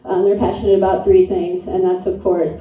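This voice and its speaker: Brisk and mellow with a flat, mid-range delivery, a woman in her thirties from upstate New York works through a self-mocking, crude, brash stand-up routine in a comedy club. The distant mic captures plenty of room echo.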